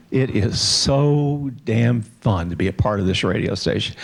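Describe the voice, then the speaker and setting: Man, 60s, gravelly, animated keynote storyteller, blunt and funny. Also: medium pitch. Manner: candid, joking storyteller. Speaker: keynote speaker. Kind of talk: conference keynote speech.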